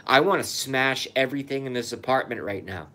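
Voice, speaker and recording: A YouTube show host rants into his phone from an apartment, delivering an angry, foul-mouthed, repetitive conspiracy bit played for comedy. His medium-pitched voice is fairly quick, pushed, and bright.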